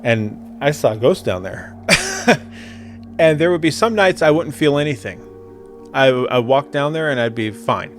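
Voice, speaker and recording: A man's voice: medium pitch, sing-song, unhurried, faint music behind. A young adult man in casual chat, telling a ghost story with swearing and laughter.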